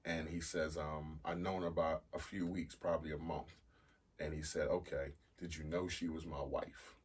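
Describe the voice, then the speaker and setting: A man's voice: very deep voice, little pitch movement, moderate pace, slightly rough, recorded from a distance. A man co-hosting a podcast in casual chat, telling stories and swearing freely. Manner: storytelling, swears casually, laughs loudly when amused. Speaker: podcast co-host.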